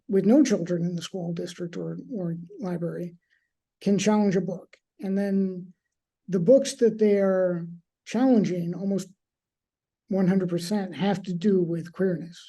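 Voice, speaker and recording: A woman's voice: mid-range voice, mellow. A woman hosting a discussion, hesitant and thinking aloud with many fillers. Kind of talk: discussion talk.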